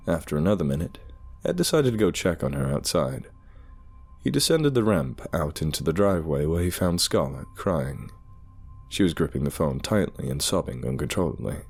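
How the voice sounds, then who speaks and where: A man narrating a horror story with expressive storytelling. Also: extremely low pitch, moderate pace, breathy edge. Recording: dark music underneath.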